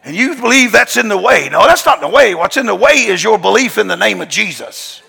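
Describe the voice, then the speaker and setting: A high, animated male preacher with a gravelly, husky voice, telling his story in a folksy, emphatic drawl. His bright, forceful delivery rings out in a big hall with a long reverb. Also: brisk. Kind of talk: storytelling sermon. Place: large church hall.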